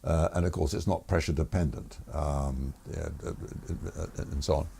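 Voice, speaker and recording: An older man, a retired air force officer telling stories in a relaxed interview, chuckling and restarting as he goes. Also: a bass voice, normal speed, creaky, a little hiss or hum. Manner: chuckles through stories, many fillers and restarts.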